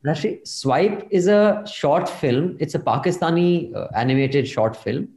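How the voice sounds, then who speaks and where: A man's voice: a little high, expressive, unhurried, gravelly, darkish tone, echoey room. A man hosting a podcast in casual chat, reading listener emails aloud and adding his own asides. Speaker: podcast host.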